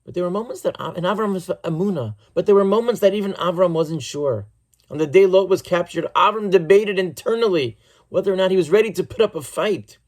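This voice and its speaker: High-pitched male rabbi, earnest sermon, measured delivery. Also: darkish tone. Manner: earnest storytelling, measured and reflective.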